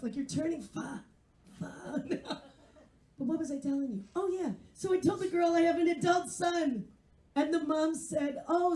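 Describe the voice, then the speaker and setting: A woman in her forties, a stand-up comedian who is also an English teacher, performs a set at a live comedy venue, chatting with the crowd in a wry, self-mocking way. Her voice sits high and mellow, and the room echoes.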